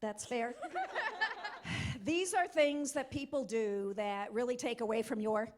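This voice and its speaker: A middle-aged woman giving an energetic, interactive motivational talk at a conference, coaxing volunteers from the audience. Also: fairly high pitch, normal speed. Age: middle-aged or older. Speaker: conference keynote speaker. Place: conference hall.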